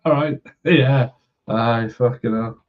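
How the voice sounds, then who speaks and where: A man's voice: medium pitch, muffled recording. A man in his thirties hosting a casual chat, laid-back, laughing and swearing freely. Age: 30s.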